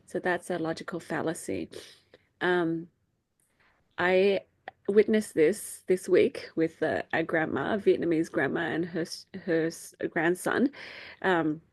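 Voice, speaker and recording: A woman's voice: a little slow, dry recording. A middle-aged woman hosting a faith group over a video call, talking casually with many fillers and acting out quotes. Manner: chatty, many fillers, acts out quotes in a high voice.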